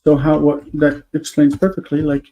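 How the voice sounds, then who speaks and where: A man's voice: fairly high pitch, flat delivery, normal speed, highs cut off. A man on a live stream, explaining word forms step by step, thinking aloud with many fillers. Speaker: Hebrew teacher.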